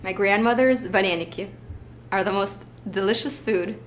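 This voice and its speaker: A woman's voice: mid-range voice, moderate pace, slight background noise. A young adult woman from Ukraine giving an audition slate, chatty and bubbly, often saying "like.". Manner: chatty, bubbly, uses lots of "like". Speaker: actor auditioning. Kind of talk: audition slate, self-introduction. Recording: dull lo-fi recording.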